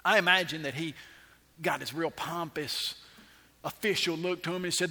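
Male pastor, high bright voice, animated sermon full of dramatic pauses, reverberant hall.

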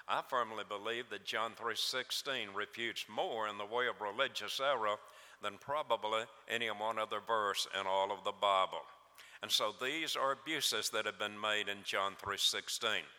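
A male preacher delivers an evening sermon, measured and emphatic, leaning hard on key words. His voice sits fairly low but cuts through with a sharp, forceful edge. The sound rings out with long reverb from a church hall.

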